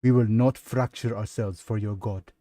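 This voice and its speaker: A man's voice: on the low side, fairly even intonation, normal speed, mellow, no echo, studio quality, natural voice. A man reading as a harsh scornful general. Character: sharp-tongued male military general.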